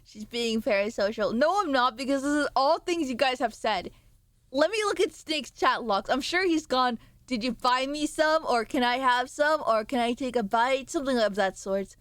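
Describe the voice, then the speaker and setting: Brief: young-sounding woman streamer, high-pitched, sleepy and rambly, dry close mic. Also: animated, moderate pace, fairly bright tone, no echo. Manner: playful, rambling, sudden squeals and mock voices. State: sleepy, yawning. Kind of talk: casual chat with stream viewers.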